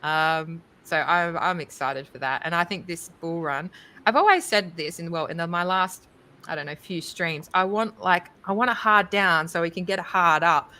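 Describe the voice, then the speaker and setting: A woman talking casually on a crypto panel, chatty and animated, with many ums and likes. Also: on the low side, moderate pace. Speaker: crypto conference speaker. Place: livestreamed panel.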